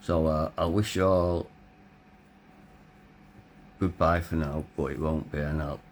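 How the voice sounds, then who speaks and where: A middle-aged man telling his own story in a blunt, candid way, swearing freely, his voice tired and hoarse. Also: extremely low pitch, steady tone, unhurried, slight background noise. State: hoarse, voice tiring. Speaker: vlogger. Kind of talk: personal storytelling.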